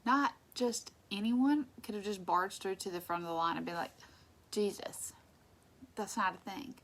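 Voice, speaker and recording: A woman leading a casual Bible study, conversational and emphatic, sometimes dropping into soft asides. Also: mid-range voice, lively intonation, moderate pace.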